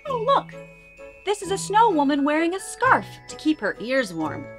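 A woman's voice: high-pitched, huge pitch swings, normal speed. Sing-song woman hosting a toddler show. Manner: gentle, sing-song, exaggerated wonder. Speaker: children's show host. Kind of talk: children's show presenting. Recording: music under voice.

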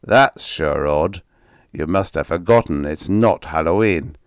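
A cruel, sneering stepfather full of mock humility and menace, voiced by a man reading a dark story. The voice sits low and heavy, pushed louder as the threats build. The recording is close and dry. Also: unhurried, no room sound.

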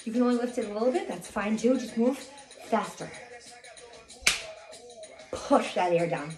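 A woman fitness instructor coaching a low-impact cardio workout, energetic and a little out of breath as she counts reps and cheers people on. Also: moderate pace. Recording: echoey room with music.

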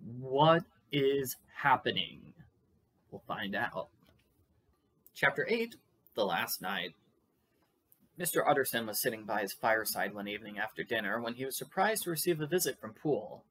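Husky-voiced man reading a novel aloud. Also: mid-range voice, expressive, moderate pace, fairly bright tone. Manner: chatty and musing between chapters. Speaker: audiobook reader.

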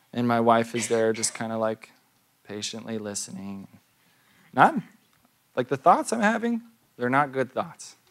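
A man's voice: medium pitch, fairly bright tone. A man in his thirties, a pastor giving a sermon in a church, telling a story and asking questions in a conversational way.

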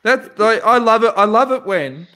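A man co-hosting a podcast, upbeat and agreeable, quick to laugh. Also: high-pitched, animated, fairly bright tone, low-quality recording. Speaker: podcast co-host. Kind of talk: casual podcast banter.

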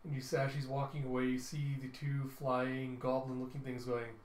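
A man's voice: mid-range voice, normal speed, roomy sound, poor audio. A man casually retelling a comic book story, scene by scene. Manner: casual, animated. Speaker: comic reviewer.

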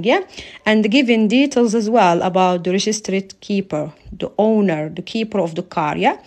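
On a live stream, a woman tutors a driving theory lesson in chatty, non-native English, often ending sentences with "yeah?" and apologizing for her accent. Her voice is mid-range and a little mellow.

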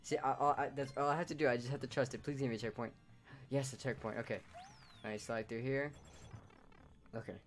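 A man talks through his own platformer gameplay in a mid-range voice, with hiccups breaking up his sentences. He bursts into loud surprised shouts, then drops back to low muttering. Faint game music plays behind him. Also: fairly even intonation, fairly quick, pauses often. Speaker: gaming YouTuber. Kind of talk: casual gameplay commentary.

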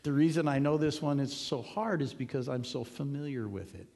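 A man's voice: mid-range voice, a little fast, vocal fry, mellow. A male pastor giving an earnest, conversational sermon, driving points home with emphatic repetition. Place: church sanctuary. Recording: long hall reverb.

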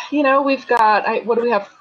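A woman co-hosting a podcast, chatting excitedly about a TV episode and giggling as she quotes it. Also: on the high side, moderate pace. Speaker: podcast co-host. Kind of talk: casual chat recapping a TV episode. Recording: dull lo-fi remote line.

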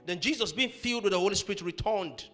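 A man preaching a sermon as pastor of a church, acting out people's quarrels in lively voices. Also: high-pitched, fast, soft background music. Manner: animated preacher acting out quarrels, laughing at his own stories.

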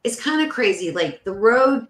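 A woman guest on a podcast, telling a story in a casual, animated way. She fills her talk with "like" and acts out the voices in the story. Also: a little high, normal speed. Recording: roomy echo.

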